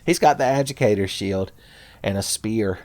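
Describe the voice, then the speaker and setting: A man's voice: lowish voice, animated, unhurried, dry recording. A man narrating a Let's Play, sarcastic and profane, with frequent jokes aimed at his viewers. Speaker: gameplay commentator.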